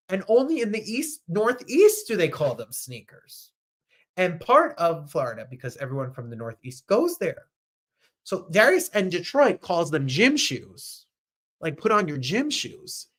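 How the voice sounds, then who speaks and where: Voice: mid-range voice, big pitch swings, unhurried, fairly bright tone. A host from New Jersey with a New Jersey accent, chatting casually and reading viewer comments aloud.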